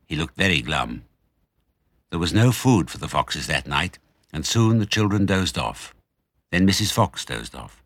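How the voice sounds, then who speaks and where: An older man reading a children's storybook aloud in an expressive, dramatic way. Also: low-pitched, measured pace, no room sound. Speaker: narrator.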